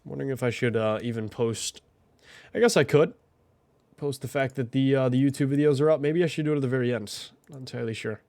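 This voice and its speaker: A man's voice: medium pitch, fast talker, creaky, a little mellow, no echo. A man hosting a game tournament stream, chatting casually and thinking aloud with lots of fillers. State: out of breath. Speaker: tournament host. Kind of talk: casual livestream commentary.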